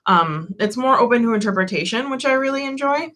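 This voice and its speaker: A woman's voice: a little high, animated, fairly quick, fairly bright tone, a little hiss or hum. A young woman hosting a casual live-stream chat, candid and rambling, full of fillers and the odd swear. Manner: chatty and candid, lots of "like" and "um", swears freely. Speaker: tarot channel host.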